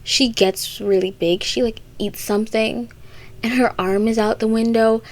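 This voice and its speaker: A woman's voice: a little high, fairly even intonation, moderate pace. A young woman recapping a story for comedy, with sarcastic, rambling asides. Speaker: video creator.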